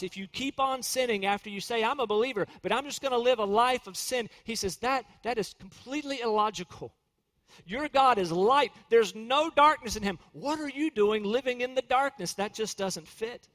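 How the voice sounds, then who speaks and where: Earnest preacher guy, high voice, long echo like a big church. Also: a bit bright. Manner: earnest preaching, quotes scripture and hymn lyrics, acts out inner voices. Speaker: pastor. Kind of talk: sermon.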